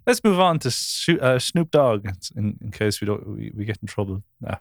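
A man's voice: fairly low pitch, expressive, normal speed, vocal fry, no room sound, clean studio sound. A man hosting a podcast, rambling through stories in casual chat and laughing easily. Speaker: podcast host.

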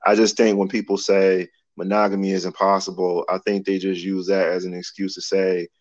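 Brief: young man, very low voice, blunt casual co-host, slightly dull recording. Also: completely flat delivery, brisk, darkish tone. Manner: blunt, frank opinions with short backchannels. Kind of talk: casual chat.

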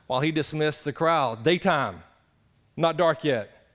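A man preaching a sermon, animated and conversational, swinging between loud exclamations and hushed earnest passages. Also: a little high, normal speed. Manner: conversational, addresses the congregation directly. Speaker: pastor.

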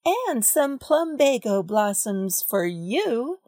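Kind soft-spoken mom from a kids storybook as a lady reads her, slow, dry sound. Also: a little high, big pitch swings, dry recording, heavily acted. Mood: gentle. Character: kind gentle mother of a little girl.

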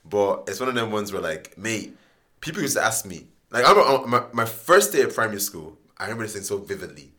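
A man's voice: fairly low pitch, big pitch swings, fast, pushed and bright. A young man with a blended Nigerian, Irish and London accent, bantering in casual slangy chat. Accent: mixed Nigerian, Irish and London.

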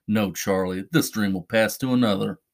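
A man voicing a cold, mocking male apparition who speaks lower and with scorn. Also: steady tone, normal speed, natural voice. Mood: scornful.

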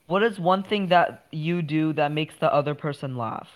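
A woman's voice: low voice, normal speed. A young woman in casual chat with a friend, asking the questions in a playful, chatty way.

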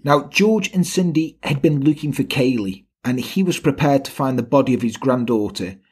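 A man's voice: mid-range voice, lively intonation, normal speed, a little mellow, husky. A man hosting a casual true-crime podcast, telling the story in an irreverent, jokey way. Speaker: podcast host.

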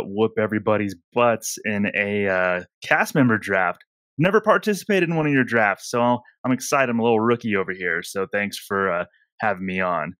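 A man's voice: mid-range voice, fairly bright tone, no echo, studio quality. A man on a podcast panel, speaking with a mock-formal, confident air. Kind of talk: casual podcast chat.

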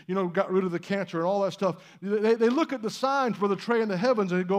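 A man's voice: sits high, a little fast, few pauses. A man preaching a sermon in church, conversational and emphatic, with rhetorical questions. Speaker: pastor.

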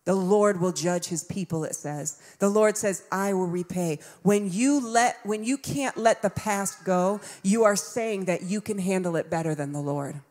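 A woman's voice: mid-range voice, measured pace, hardly any pauses, a little mellow. A woman in her fifties preaching a sermon in a conversational way, acting out voices and laughing along. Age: 50s. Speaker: pastor.

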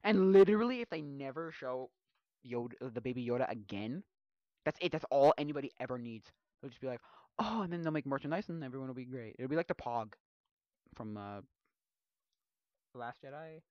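A man in a casual commentary, mumbling through a passage he reads aloud, then ranting loudly and mocking people in put-on voices. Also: mid-range voice, animated, brisk, long pauses, no room sound, lo-fi sound.

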